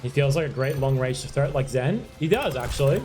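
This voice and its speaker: Over music, a young man with a mid-range voice talks a little fast while streaming a game live. He keeps up excitable commentary, yelping, apologizing, and chatting to viewers as he plays.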